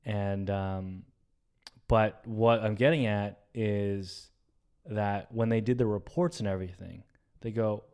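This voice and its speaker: A young man with a lowish, clear, resonant voice talks slowly as he co-hosts a podcast. He tells a story animatedly and casually, imitating the voices of its characters and dropping swear words.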